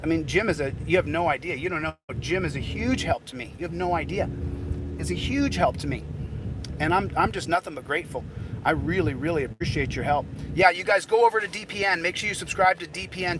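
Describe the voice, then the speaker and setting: A man's voice: fairly high pitch, background noise. A man hosting a casual livestream outdoors, hot and sweating, talking in a rambling way with many repeated phrases. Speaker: livestreaming channel host. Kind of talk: casual live-stream chat.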